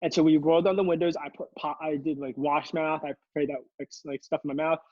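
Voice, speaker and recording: A man's voice: a little high, little pitch movement, quick pace, a little mellow, no echo, dull audio. A young man, a podcast co-host, telling a long story in casual chat, rambling and laughing, with many restarts. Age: young adult.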